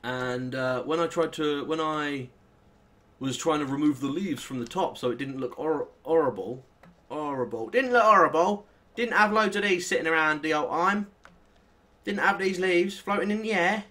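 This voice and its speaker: A young British man with a British accent, chatting and swearing casually as he plays through a modded game, with sudden excitable outbursts. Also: fairly high pitch, normal speed. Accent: British English. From Britain. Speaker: gaming channel host. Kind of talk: casual Let's Play commentary.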